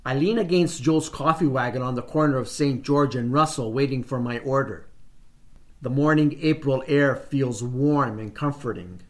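A man reading a first-person short story aloud in a measured, deliberate way. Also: mid-range voice, a little mellow. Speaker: reader.

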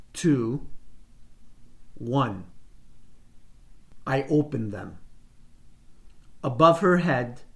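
A man reads a first-person short story aloud at an unhurried, deliberate pace. His delivery stays measured, in a mid-range voice. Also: medium pitch, a bit bright. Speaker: reader.

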